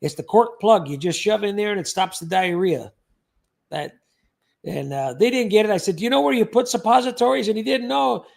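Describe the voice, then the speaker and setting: A man's voice: high voice, fairly quick, creaky. A man hosting a casual livestream, rambling and joking as he reads out viewer comments and thanks people by name.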